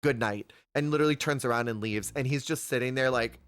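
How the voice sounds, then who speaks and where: A man streaming casually while gaming, retelling reality-show moments in an animated way and acting out the quotes himself. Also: medium pitch, quick pace, clean tone. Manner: animated storyteller who acts out quotes. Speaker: Twitch streamer.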